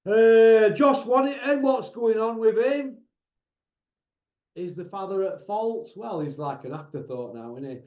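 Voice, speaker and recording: Rambling, opinionated male pundit with a high voice, talking casually in a roomy room with a dull, lo-fi sound. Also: measured pace. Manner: rambling, opinionated, constant tag questions. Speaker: boxing pundit and channel host. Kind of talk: casual monologue.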